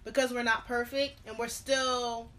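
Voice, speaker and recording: A woman's voice: on the high side, little pitch movement, measured pace, a bit bright. A woman co-hosting a podcast in casual chat, earnest and emphatic as she gives advice. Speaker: podcast co-host.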